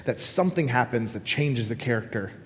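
A man preaching a sermon, swinging from loud excitement down to hushed, whispered lines. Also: medium pitch, fairly quick, slight background noise. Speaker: pastor. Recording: long hall reverb.

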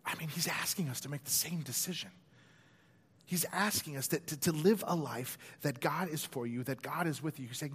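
A pastor preaching a sermon, telling a story in an animated way and acting out its voices. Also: male voice, fairly high pitch, fairly quick, slightly rough. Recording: long hall reverb.

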